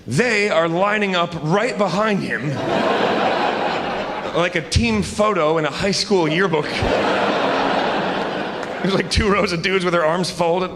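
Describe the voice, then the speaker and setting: High-voiced man doing stand-up. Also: a little slow, long pauses. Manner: animated, acts out characters in his story. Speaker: stand-up comedian. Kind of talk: stand-up storytelling. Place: large theater stage with live audience. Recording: live hall with loud crowd noise.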